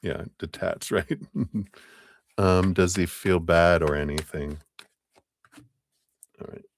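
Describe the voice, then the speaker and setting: Deep-voiced man giving a casual tarot reading. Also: steady tone, slow, slight background noise. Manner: casual, rambling, gentle, full of fillers. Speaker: tarot reader. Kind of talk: live tarot reading to a client.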